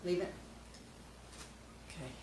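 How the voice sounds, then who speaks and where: A woman unboxing an instrument in a casual vlog, gushing and excitable, laughing often. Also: slow. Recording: roomy, mic at a distance, background noise.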